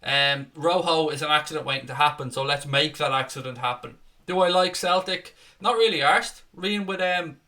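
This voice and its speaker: A man's voice: on the high side, normal speed, few pauses, pushed and bright. A man hosting a casual live stream, chatting, swearing freely and reading out viewer comments.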